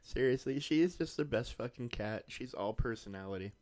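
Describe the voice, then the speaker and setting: A man's voice: mid-range voice, lively intonation, a little fast, darkish tone. A man streaming a mobile game, chatting casually and rambling, sometimes swearing. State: hiccups. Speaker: gaming streamer. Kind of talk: casual live-stream chat.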